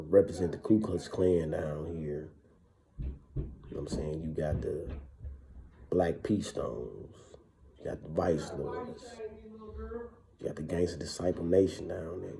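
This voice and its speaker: A man's voice: low-pitched, vocal fry, warm tone. A man from Wisconsin, a former prisoner, telling his story in casual, profane street talk and keeps asking "you know what I'm saying".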